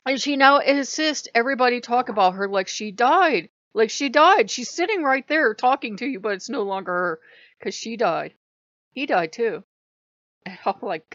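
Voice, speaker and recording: A woman chatting casually to her channel, animated and laughing often as she slips into mock voices. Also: on the high side, normal speed, no room sound, muffled recording. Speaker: YouTuber.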